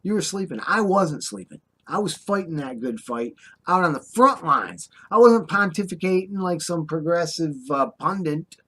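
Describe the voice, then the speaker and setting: A man's voice: a little high, lively intonation, moderate pace, hardly any pauses, a bit bright, breathy edge. An older American man delivering an impassioned, scolding monologue to the camera, drawling sarcastic asides. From United States. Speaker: vlogger. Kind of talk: ranting monologue.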